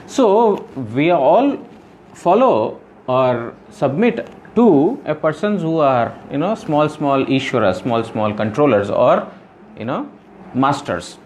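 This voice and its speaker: A man's voice: on the high side, lively intonation, slow pace, darkish tone, slight background noise. A man giving a devotional scripture lecture, explaining earnestly and repeating phrases with frequent "you know". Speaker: spiritual teacher.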